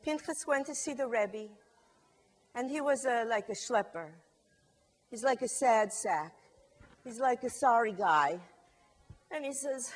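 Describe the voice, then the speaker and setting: A middle-aged woman telling a story to a live audience, lively and expressive, acting out the characters. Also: sits high, unhurried. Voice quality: lively, acts out characters with shifting voice.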